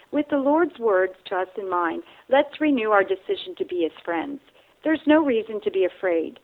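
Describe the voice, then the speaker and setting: A woman reads spiritual reflections in a calm, measured way and speaks directly to the listener. Her pitch is middling. The audio is narrow and tinny, like a phone line. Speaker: reader. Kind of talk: devotional reading and reflection.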